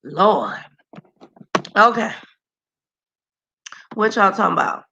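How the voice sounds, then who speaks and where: A woman's voice: mid-range voice, expressive, takes it slowly, gravelly, muffled recording, noisy background. A woman hosting a casual live stream, chatty and slangy, greeting viewers by name. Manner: scolds her dogs mid-stream.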